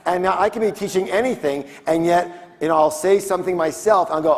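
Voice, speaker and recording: Man with a fairly high voice leading a seminar. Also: brisk. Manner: energetic call-and-response with the audience. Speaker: seminar speaker. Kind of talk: motivational seminar talk. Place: large conference hall, on stage. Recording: long reverb of a large hall.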